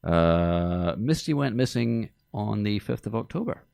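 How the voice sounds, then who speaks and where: A man with a very low, gravelly voice hosts a casual movie podcast. He delivers his chat with dry, deadpan humor, and the studio sound is close and dead. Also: a little slow, dry recording. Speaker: podcast host.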